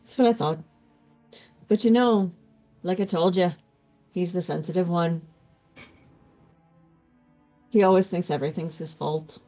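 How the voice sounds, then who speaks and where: A woman's voice: lowish voice, a little slow, pauses often, warm tone, close to an everyday voice. A woman voicing a blunt but caring young woman who braids a friend's hair, speaking brusquely with a tender streak. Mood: earnest. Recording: dull lo-fi recording with faint music.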